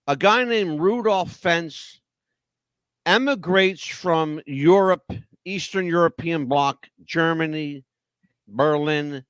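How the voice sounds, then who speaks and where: A man's voice: on the high side, fairly bright tone, dry recording, clean studio sound. A man hosting talk radio, telling a story dramatically with rhetorical questions. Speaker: radio host.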